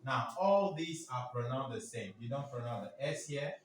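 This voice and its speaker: A man teaches a French class, prompting students with questions, drilling words for them to repeat, and continually asking "what?" so they fill in answers. His mid-range voice is expressive at a moderate pace, picked up by a distant mic in a very echoey room with faint noise.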